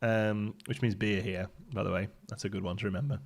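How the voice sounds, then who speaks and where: A man's voice: lowish voice, fairly even intonation, brisk. Casual young male streamer, bantering with chat, easy laughter. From Britain. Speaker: livestream host. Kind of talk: casual live-stream chat reading viewer messages.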